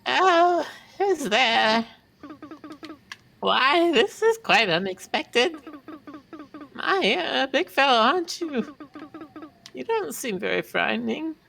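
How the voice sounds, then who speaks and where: A woman voicing a kindly old woman who keeps the woods, reading game dialogue in a gentle, folksy way. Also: high-pitched, very animated, takes it slowly, gravelly, pauses often, exaggerated voice.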